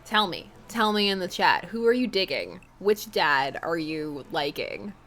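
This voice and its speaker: A woman's voice: fairly low pitch, lively intonation, a little slow, fairly bright tone. A young woman streaming a dating game, reading it aloud and chatting playfully with her viewers, laughing often.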